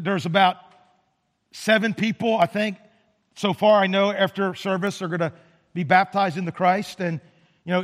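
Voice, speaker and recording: A man's voice: high-pitched, a bit bright, long reverb tail. A male pastor preaching a sermon in a casual, conversational way, often repeating words and asking "right?". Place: church sanctuary.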